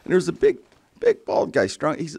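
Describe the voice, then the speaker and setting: A male radio host telling a story in a rambling, excitable way and breaking into his own sentences. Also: a little high, normal speed, vocal fry, breathy edge, dry recording. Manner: rambling, excitable, self-interrupting. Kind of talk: casual storytelling.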